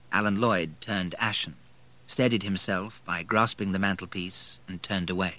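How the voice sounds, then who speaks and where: A man narrating an audiobook in a measured, even manner. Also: sits low.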